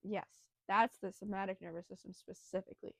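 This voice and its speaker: A woman's voice: mid-range voice, little pitch movement, a little fast, vocal fry, fairly bright tone, no echo. A young woman hosting a casual educational podcast, nervous and breathing heavily, rambling through the material with lots of fillers and self-deprecating asides. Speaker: student host explaining biology.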